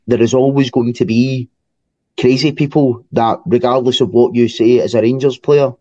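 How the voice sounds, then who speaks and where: A Scottish man talks football on a podcast in an easy, filler-heavy way. His voice is mellow. The recording sounds dull and dry. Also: mid-range voice, moderate pace, no echo. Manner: relaxed, filler-heavy chat. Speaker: podcast co-host, fan. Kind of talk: casual football chat.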